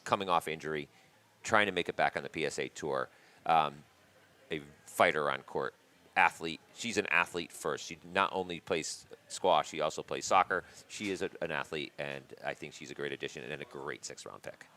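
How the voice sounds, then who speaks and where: Low-voiced guy doing joking draft commentary, lots of laughing. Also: moderate pace, bright, forceful tone. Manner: joking, incredulous, laughs often. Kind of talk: casual banter commentary.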